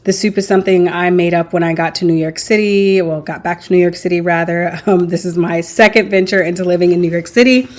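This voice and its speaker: A woman with a lowish, fairly even voice chats casually in a home kitchen, doing voice-over as a cooking vlogger who rambles along with frequent small laughs. She talks a little fast with hardly any pauses, and the rough recording carries clear cooking noise behind her.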